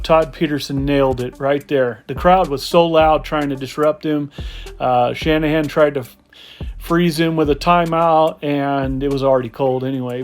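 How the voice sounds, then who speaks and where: A man telling a casual, animated story about a football game he watched from the stands. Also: fairly high pitch. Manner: excited, animated game recap with laughs. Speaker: football fan.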